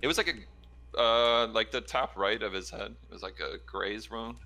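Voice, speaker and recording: A man's voice: lowish voice, normal speed, gravelly, noisy background. A man who works as an ER trauma nurse, chatting casually and telling a story with many fillers. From Chicago area. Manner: relaxed storytelling with fillers and laughs. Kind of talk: casual chat.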